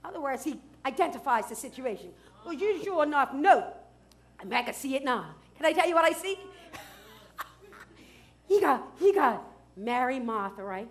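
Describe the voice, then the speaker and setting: Woman pastor, very high voice, sermon, shifts from soft asides to shouting. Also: animated, moderate pace. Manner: swings from hushed asides to loud shouted declarations, laughs often.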